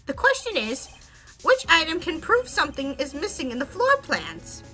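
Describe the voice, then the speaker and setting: A woman voicing a smug, sneering male prosecutor while reading game dialogue aloud, with a slow, taunting delivery. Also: high voice, very animated, over music, pitched above the performer's own voice.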